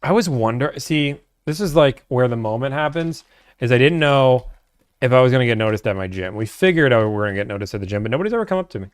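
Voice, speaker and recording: A young man chats casually on a livestream, answering viewers' questions one after another. His voice sits at an ordinary middle pitch, and the sound is dry and close with no room echo. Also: animated, quick pace, clean tone. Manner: laid-back, chatty, answers chat questions. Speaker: livestream host answering chat.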